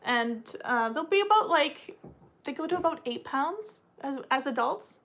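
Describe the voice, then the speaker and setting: A woman's voice: expressive, measured pace, a bit bright, slight background noise. A woman hosting a casual livestream, talking in a rambling, chatty way with frequent ums and uhs. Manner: coos at puppies in a high baby-talk voice. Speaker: livestream host. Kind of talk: casual live chat.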